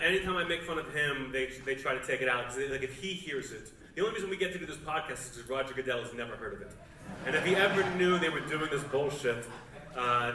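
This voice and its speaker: Deadpan comedian in a roomy theater. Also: male voice, medium pitch. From Pittsburgh suburbs. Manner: deadpan, odd pauses, swears a lot. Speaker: stand-up comedian. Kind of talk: crowd-work Q&A on stage. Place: large theater. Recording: roomy, distant theater recording with crowd noise.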